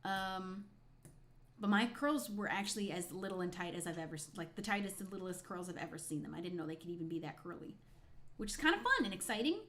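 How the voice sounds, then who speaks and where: A woman's voice: fairly low pitch, animated, fast, fairly bright tone. A woman from New Jersey with a slight New York accent, chatting casually on a stream, rambling and laughing often. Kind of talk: casual chat.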